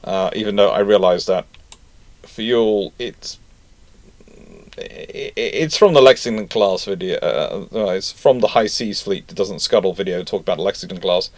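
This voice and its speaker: A man's voice: lowish voice, moderate pace, dry recording. A man hosting a history channel, chatting casually and correcting himself as he reads out viewer comments. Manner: rambling, self-correcting, chatty.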